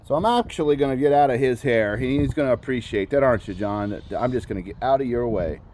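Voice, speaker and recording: A father who runs a backyard mechanic channel works on a car outside in his garage area as rain begins, chatting casually and cracking jokes at his own expense. His voice sits at medium pitch with a darkish tone and a quick pace, carrying a faint hiss or hum.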